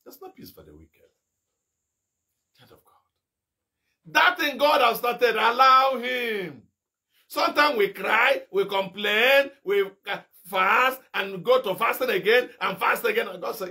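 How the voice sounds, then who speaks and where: Man, middle-aged evangelist, from Nigeria, fiery sermon, high voice, rhetorical questions, shouted rebukes. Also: normal speed. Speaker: evangelist preacher.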